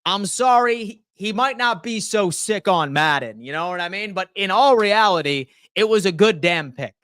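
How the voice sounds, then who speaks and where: A young man hosting a live sports stream, reading viewers' chat aloud and ranting at them in a rowdy, teasing way, often swearing and swinging from loud outbursts to quiet asides. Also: sits high, lively intonation, normal speed, smooth, dry recording.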